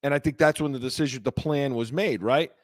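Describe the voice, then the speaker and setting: A man's voice: medium pitch, a little fast, dry recording, clean studio sound. A man co-hosting a casual sports talk show, blunt and stammering, repeating words when heated. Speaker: co-host.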